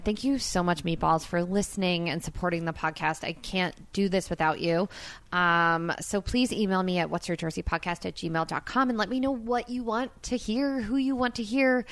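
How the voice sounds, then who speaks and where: A woman's voice: medium pitch, dry recording. A woman hosting a podcast, chatting casually and gushing with laughter. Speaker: podcast host. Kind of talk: casual chat.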